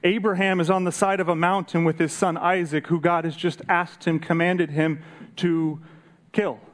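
A man's voice: on the high side, flat delivery, normal speed. A man preaching a sermon in a conversational way, asking the congregation rhetorical questions. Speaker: pastor. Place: church service.

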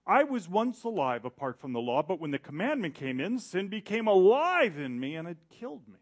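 A middle-aged male pastor preaching a sermon in an animated way, acting out quoted voices. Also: high-pitched, brisk.

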